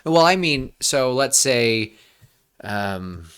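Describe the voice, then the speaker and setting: A man in his twenties co-hosting a podcast, brainstorming in a rambling, excitable way with lots of restarts. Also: mid-range voice, extremely slow, smooth. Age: 20s. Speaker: podcast co-host. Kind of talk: casual brainstorming chat.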